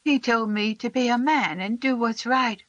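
A narrator voicing a frightened, sick young boy who speaks weakly in a high, pleading voice. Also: moderate pace, a bit bright, no echo, lo-fi sound, lightly acted. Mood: earnest. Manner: weak, whispery and pleading.

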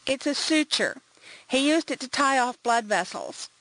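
A woman reading aloud, voicing a calm medical examiner who explains things in a measured, clinical way. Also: high voice, no echo, voice pushed up, poor audio.

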